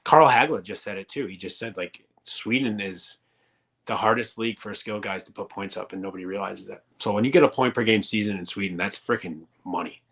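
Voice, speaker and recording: A man's voice: on the low side, a little fast, fairly bright tone. A man in his thirties, a former pro hockey player, telling rambling, profane stories in a casual interview. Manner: rambling and profane, many fillers.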